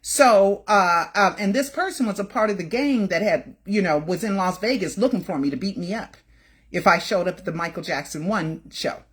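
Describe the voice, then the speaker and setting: A woman's voice: medium pitch, lively intonation, moderate pace, breathy edge. A middle-aged woman hosting a casual, rambling commentary video on celebrity news, chatty and defensive, with lots of fillers and repeated words.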